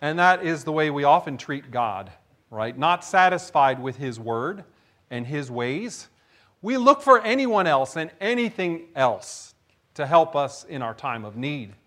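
A man preaching a sermon as pastor, telling a story with animated shouts. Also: a little high, unhurried.

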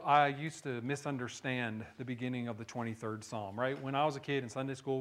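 A man preaching a sermon, animated, swinging from hushed low lines to loud high bursts and often asking the listeners "right?". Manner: asks the audience questions, frequent "right?". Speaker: pastor.

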